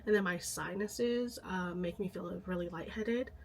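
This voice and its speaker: A woman vlogging casually about books, hoarse with a stuffy nose from illness, chatty and a little dramatic about it. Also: lowish voice, moderate pace, slight background noise. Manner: chatty, self-aware dramatic. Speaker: book vlogger. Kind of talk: casual vlog chat.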